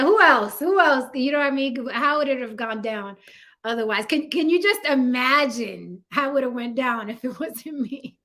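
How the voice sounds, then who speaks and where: With a high, sharp-toned voice, a young livestream host chats casually while signing off. She laughs, reads out comments from her viewers, and teases them using slang.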